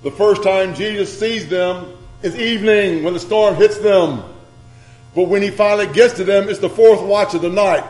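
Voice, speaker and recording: A man preaching a sermon, dramatic, swinging between loud emphasis and quiet scripture reading. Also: high voice, moderate pace. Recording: echoey room with mains hum.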